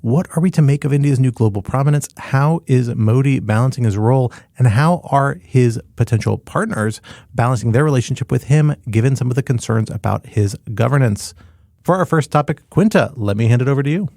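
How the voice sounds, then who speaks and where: A middle-aged male podcast co-host lays out the week's topics, slipping in playful wordplay. His voice has a gravelly edge, and the recording is dry and close. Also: mid-range voice, fairly quick, warm tone, no room sound. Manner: playful, punning topic rundown. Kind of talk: casual panel discussion.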